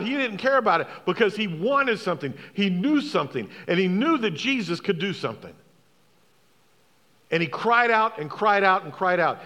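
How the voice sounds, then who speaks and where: A man's voice: high voice, a bit bright, big-room sound. A man, a pastor, preaching a sermon, emphatic, asking the congregation questions and repeating key phrases.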